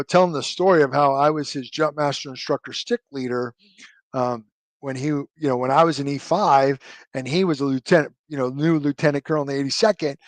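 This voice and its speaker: A man in his fifties tells a long service anecdote as an interview guest, drifting through fillers and restarted sentences in a voice that sits a little high for a man. The sound is close and dry, with almost no room around it. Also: no room sound. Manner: rambling, many fillers and restarts, loose military jargon. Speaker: guest, retired army officer.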